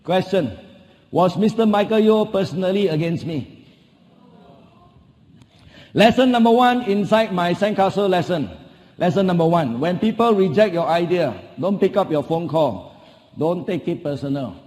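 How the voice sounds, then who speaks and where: Middle-aged Singaporean male keynote speaker, high mellow voice, emphatic and repetitive, rhetorical questions, big reverberant hall. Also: lively intonation, normal speed, long pauses. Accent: Singaporean English. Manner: emphatic, repeats key phrases, asks the audience rhetorical questions. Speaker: motivational speaker. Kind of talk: motivational keynote speech. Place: large conference hall.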